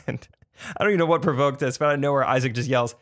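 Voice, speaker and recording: A man co-hosting a podcast, telling stories in a casual, animated way and teasing his friends. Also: medium pitch, quick pace. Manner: animated storyteller, acts out quotes, teasing. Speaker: podcast co-host. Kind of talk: casual chat. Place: podcast studio.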